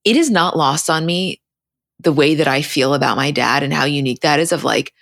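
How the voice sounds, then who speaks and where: A woman co-hosting a podcast, chatting casually and rambling quickly as she retells scenes. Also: low voice, gravelly, a bit bright, dry recording, studio quality. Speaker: podcast co-host. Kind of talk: casual recap chat.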